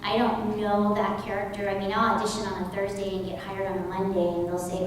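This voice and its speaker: A woman's voice: medium pitch, monotone, brisk, recorded from a distance, noisy background. A woman, a voice actor on a convention panel, explaining her work in a chatty way. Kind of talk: casual panel talk. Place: large convention hall. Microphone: far from the camera mic. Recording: echoey hall recorded from the audience.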